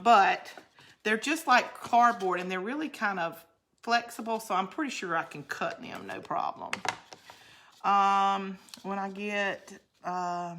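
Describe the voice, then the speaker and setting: Bright-voiced woman chatting while crafting. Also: mid-range voice. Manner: chatty and rambling, answers viewer comments. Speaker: craft channel host. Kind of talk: casual livestream craft chat.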